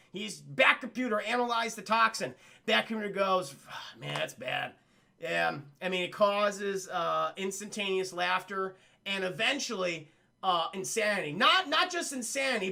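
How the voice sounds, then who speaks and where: A man's voice: high-pitched, creaky, sharp tone. A man casually recapping a cartoon for his livestream chat, rambling and profane, often addressing the chat and acting out characters. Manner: acts out characters in quick voices. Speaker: streamer reviewing a cartoon.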